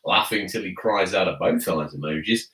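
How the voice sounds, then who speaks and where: A man's voice: sits low, moderate pace, sharp tone, far from the mic. A grown man hosting a casual live gaming podcast, teasing his co-host and reading chat messages aloud. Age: adult. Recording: echoey room, away from mic.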